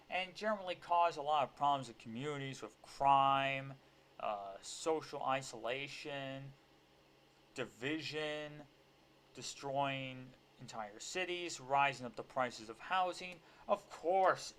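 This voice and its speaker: A man's voice: medium pitch, fairly bright tone, a little hiss or hum. A man reading a news article aloud and breaking off into sarcastic, profane, heated rants. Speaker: political commentator. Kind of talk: ranting commentary on a news article.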